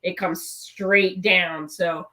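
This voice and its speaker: A woman's voice: lowish voice, fairly even intonation, extremely slow, sharp tone. A woman guest on a podcast, chatting casually and laughing often. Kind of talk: casual chat. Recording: distant from the mic.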